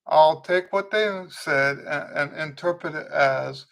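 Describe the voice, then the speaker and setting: Easygoing male trumpet teacher, fairly high voice. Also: measured pace, vocal fry, few pauses. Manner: relaxed and conversational, with frequent restarts and "okay?" check-ins. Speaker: trumpet teacher hosting a live Q&A. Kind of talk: casual livestream teaching, answering viewer questions.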